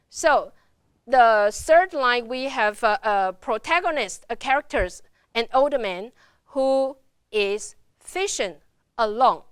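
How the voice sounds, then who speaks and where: Woman lecturer, Taiwanese Mandarin accent, smooth clear voice, dry close sound. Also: fairly high pitch, a bit bright, no room sound. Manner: models tones slowly, syllable by syllable. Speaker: Chinese language teacher. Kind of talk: university lecture.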